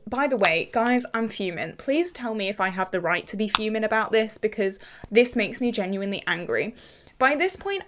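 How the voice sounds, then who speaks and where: Animated woman telling a story. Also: a little high. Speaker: beauty vlogger. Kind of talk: casual storytelling while doing makeup.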